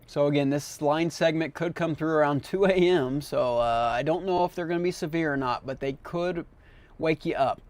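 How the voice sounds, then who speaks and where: Man, radio weather host, somewhat higher pitch, casual chatty delivery, live storm coverage. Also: brisk, few pauses, darkish tone, no room sound. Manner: casual, chatty, talks with mouth full. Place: radio studio.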